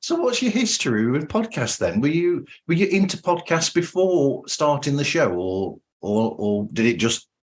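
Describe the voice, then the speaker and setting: A man hosting a podcast, chatting casually and asking questions in a relaxed way. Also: a little high, normal speed, hardly any pauses, slight background noise. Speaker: podcast host.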